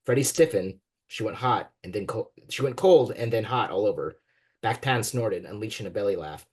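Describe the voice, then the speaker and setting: A man reads a passage of his own fiction over a video call, giving it expression and shifting into the characters' quoted lines. His voice sits low and carries a husky, breathy edge. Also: lively intonation, moderate pace. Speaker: guest author. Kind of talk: reading his fiction aloud.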